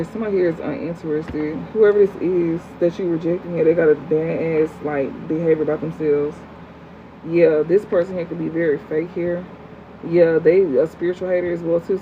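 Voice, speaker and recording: A blunt tarot reader talks through a livestream reading in fast, slangy, profane bursts and answers the chat. The audio is thin and phone-like. A faint hum sits underneath. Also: mid-range voice.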